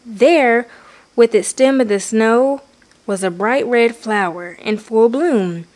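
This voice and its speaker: A woman reading a children's picture book aloud, steady and expressive. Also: fairly high pitch, slow. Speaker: children's story reader. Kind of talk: storybook read-aloud.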